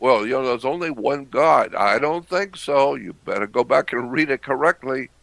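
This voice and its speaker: A man giving a deliberate explanatory lecture, repeating phrases and clearing his throat often. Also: medium pitch, expressive, a bit bright, no room sound.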